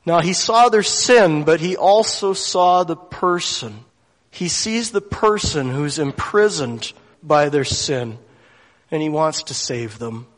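A man's voice: fairly high pitch, lively intonation, takes it slowly. Earnest male preacher in a reverberant hall. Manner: earnest, emotional storytelling, acting out dialogue. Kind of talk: sermon with storytelling.

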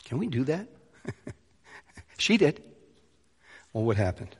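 A man's voice: on the low side, very animated, moderate pace, pauses often, a little mellow, husky. A male pastor preaching a sermon in a conversational way, rising to emphatic peaks. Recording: long reverb of a large hall.

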